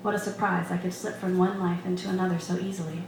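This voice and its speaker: A woman author reading her own first-person story aloud at a live event, in a measured storytelling manner. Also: fairly low pitch, flat delivery, noisy background. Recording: echoey room from a distant mic. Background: bar room chatter.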